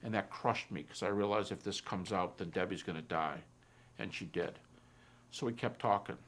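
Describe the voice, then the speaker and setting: A man with a somewhat low voice gives a personal testimony. He talks in a reflective, soft-spoken way and often sinks almost to a hush. He retells his conversations as dialogue. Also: moderate pace. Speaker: Christian philosopher giving a talk.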